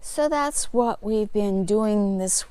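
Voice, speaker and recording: A woman talks through her farm chores outdoors in a relaxed, homespun way. Her voice sits at an ordinary middle pitch, and she explains each step plainly as she works. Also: slow pace, smooth, no room sound. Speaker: homesteading vlogger. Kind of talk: casual walk-and-talk narration. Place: outdoors in a farmyard.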